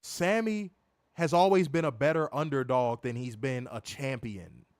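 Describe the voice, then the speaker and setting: A man co-hosts a wrestling review show, loudly telling profane stories in loose, casual chat and laughing often. His voice is medium-pitched and clean, at a measured pace, in a dry recording with clean studio sound.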